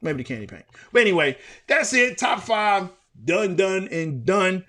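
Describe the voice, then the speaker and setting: A man co-hosting a casual sports talk show, animated and repeating himself, with big swings in pitch. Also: a little slow. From Houston, Texas. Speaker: co-host.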